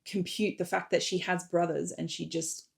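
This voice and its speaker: A woman author casually retelling and reading from her book for a readalong recap, with relaxed fillers as she goes. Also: on the low side, normal speed, vocal fry.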